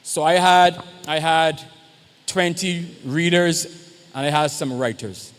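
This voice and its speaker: A man's voice: a little high, fairly even intonation, slow pace, fairly bright tone. A man, a pastor, speaking informally at a church youth service and often checking in with the audience. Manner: conversational, keeps checking in with the audience. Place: church hall. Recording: long hall reverb.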